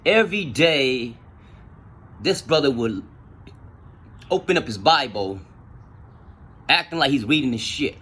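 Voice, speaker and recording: A man telling stories in casual, profane street slang, with an animated retelling style. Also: mid-range voice, measured pace, pauses often, husky. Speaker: storyteller. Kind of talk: casual storytelling.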